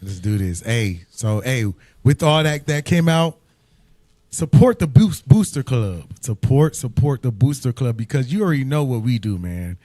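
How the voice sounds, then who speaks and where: A man's voice: medium pitch, expressive, normal speed, hardly any pauses, darkish tone, dry recording. A man co-hosting a talk show, urging listeners with emphatic, exhorting speech. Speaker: co-host. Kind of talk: casual show wrap-up talk.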